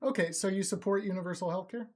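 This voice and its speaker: A woman's voice: medium pitch, quick pace, a little mellow. A woman hosting a live stream, pressing a caller with pointed, incredulous questions. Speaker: streamer host.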